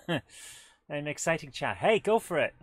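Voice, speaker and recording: A woman's voice: low voice, big pitch swings, slow, husky, no room sound. Chatty woman streaming a game. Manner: chatty, rambling, self-deprecating asides. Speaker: livestream gaming host. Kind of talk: live gameplay commentary with chat.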